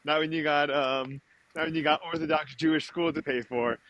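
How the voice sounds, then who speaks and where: A man's voice: a little high, steady tone, moderate pace, a bit bright, dull audio. A man hosting a podcast, joking and chummy, often calling his guest "dude.". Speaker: podcast host. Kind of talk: casual podcast chat.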